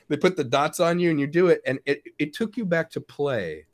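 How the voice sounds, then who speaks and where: A middle-aged man, a guest actor, telling lively stories in a casual interview and acting out the lines he quotes. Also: a little fast. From Wisconsin. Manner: animated storyteller, acts out quotes with big pitch swings and laughs.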